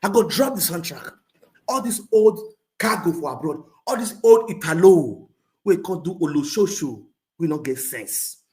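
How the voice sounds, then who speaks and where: A social media livestreamer with a Nigerian Pidgin accent tells a story as an animated rant at a moderate pace. He swings between loud outbursts and low mutters.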